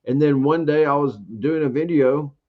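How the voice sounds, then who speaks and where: A man's voice: a little high, steady tone, moderate pace. Laid-back man telling a story. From Georgia, US. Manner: rambling storyteller, acts out his own past thoughts. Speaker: interview guest, beard reviewer. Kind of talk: casual interview chat. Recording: dull lo-fi sound.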